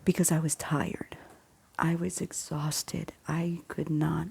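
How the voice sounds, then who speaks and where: Husky low-voiced woman telling a story. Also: takes it slowly. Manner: often drops into a husky half-whisper; rambling, repeats words when excited. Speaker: faith vlogger. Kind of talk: casual spoken storytelling.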